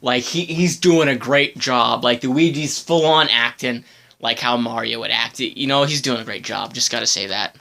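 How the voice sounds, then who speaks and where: A man's voice: medium pitch, normal speed, gravelly, sharp tone. A man giving casual reaction commentary on a video, stammering, giggling and apologizing as he talks.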